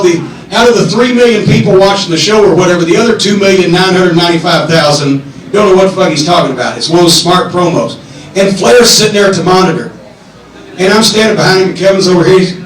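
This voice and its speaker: A middle-aged man with a fairly high voice tells rambling, profane stories with lots of energy on a comedy club stage. The sound bounces around a very echoey room, and he is heard from some distance off the mic. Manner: profane, animated, rambling anecdotes. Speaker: podcast host. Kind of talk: live podcast storytelling.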